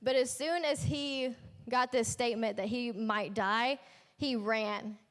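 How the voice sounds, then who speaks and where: A woman's voice: a little high, slow, fairly bright tone. A young woman leading a youth ministry, preaching a casual sermon in a chatty, slangy storytelling way with playful asides. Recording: echoey hall.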